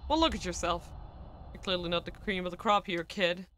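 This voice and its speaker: Brief: smug needling newspaperman, bright voice, a woman reading him. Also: lowish voice, brisk, a little hiss or hum, natural voice. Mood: taunting. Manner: taunting, sarcastic. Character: cocky male journalist, needling and bold.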